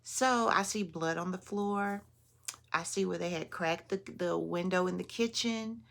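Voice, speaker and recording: A woman vlogger relates a story in a casual, animated storytime style. Her voice sits low and has a gravelly texture, yet it comes across sharp and forceful. She laughs often and keeps addressing her viewers. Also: a little slow.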